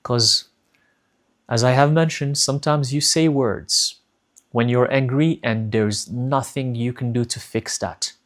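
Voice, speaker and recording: A man's voice: medium pitch, a little slow. A man speaking as a spiritual teacher, giving earnest advice in a monologue, often repeating key phrases and asking rhetorical questions.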